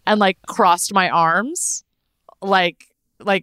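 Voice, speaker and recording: A woman in her thirties from Los Angeles, chatting on a podcast and telling a lively, swearing story. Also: lowish voice, normal speed, clean tone, dry recording, clean studio sound. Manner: animated, swearing, laughing storyteller. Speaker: podcast host. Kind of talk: casual storytelling chat.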